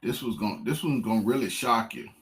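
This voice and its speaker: A man, casually telling viewers a fishing story, repeating phrases and getting excited. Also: medium pitch, quick pace. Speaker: fishing vlogger.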